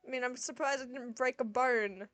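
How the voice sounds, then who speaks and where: Animated woman streamer with a high voice. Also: normal speed, faint music behind. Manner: animated, laughing, exasperated asides. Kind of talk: reading a dating game aloud with commentary.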